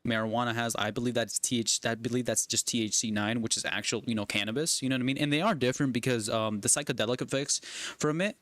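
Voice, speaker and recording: A man's voice: mid-range voice, steady tone, quick pace, a bit bright, dry recording. Rambling man tagging everything with "right?". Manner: rambling, asks "right?" and "you know what I mean?" constantly. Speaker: gaming streamer. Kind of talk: casual chat while gaming.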